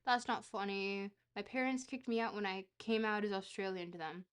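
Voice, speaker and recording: A woman's voice: medium pitch, steady tone, normal speed, smooth. Jokey woman streamer rambling. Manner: rambling, jokey, swears casually. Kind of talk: casual livestream chat while playing a geography game.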